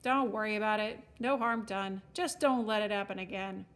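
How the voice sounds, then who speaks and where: A woman's voice: medium pitch, normal speed, natural voice. A woman voicing a talking female shrub, curt and blunt. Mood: dismissive.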